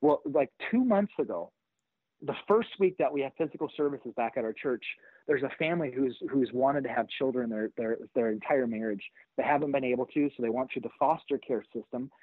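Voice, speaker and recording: A middle-aged man, a pastor and author, telling a personal story in an interview with animated energy, acting out the voices of the people in it. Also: medium pitch, a little fast, no echo. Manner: animated, acts out quoted voices. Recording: tinny phone-like line.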